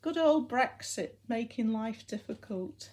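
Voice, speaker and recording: A woman's voice: a little high, expressive, measured pace, darkish tone. A woman giving a casual vlog update, chatty and fondly talking to her robot dogs in between. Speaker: vlogger.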